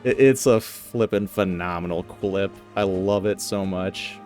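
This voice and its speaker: A man's voice: deep voice, measured pace, darkish tone, faint music behind. A man streaming a survival game, chatting casually and telling rambling stories with frequent laughs. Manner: rambling storyteller, laughs often. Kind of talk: casual gaming chat.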